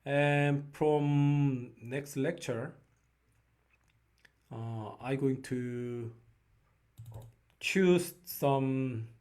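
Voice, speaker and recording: A male language teacher with a Korean accent leads a beginner lesson. He talks slowly and patiently, in a voice of middling pitch, and keeps checking that learners are following along. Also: darkish tone. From South Korea. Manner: slow, patient, repeats "right?" to check on learners.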